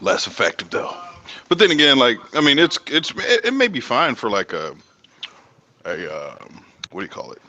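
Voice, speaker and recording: A man's voice: medium pitch, wildly swooping pitch, moderate pace, sharp tone, slight background noise. A man hosting a casual late-night livestream while barbecuing, rambling and swearing with many restarts. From United States. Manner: rambling, profane, restarts a lot. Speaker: livestream host.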